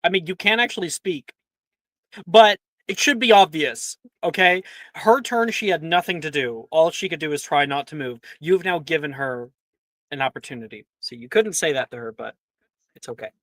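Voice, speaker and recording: Bright-voiced game master, dry sound. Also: male voice, a little high, animated, normal speed, dry recording. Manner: chatty, laughs often, many fillers. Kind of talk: narrating a tabletop game.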